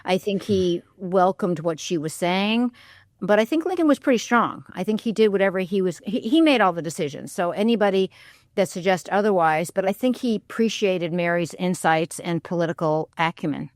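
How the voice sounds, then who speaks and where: A woman's voice: on the low side, normal speed, dry recording, clean studio sound. A woman historian speaking as a guest on a radio interview, thoughtful and candid, often weighing her views with "I think.". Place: radio studio.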